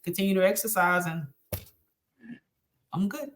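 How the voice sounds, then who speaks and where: A woman's voice: fairly low pitch, expressive, a little slow. Middle-aged woman chatting on a podcast, earnest and churchy, lots of ums. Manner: earnest, faith-filled, encouraging, with frequent fillers. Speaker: podcast guest, host's mother. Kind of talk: casual chat.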